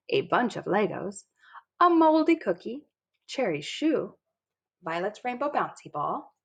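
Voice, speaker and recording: A woman narrating a first-person children's story in a lively, childlike storytelling manner. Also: fairly low pitch, creaky, husky. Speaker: audiobook narrator.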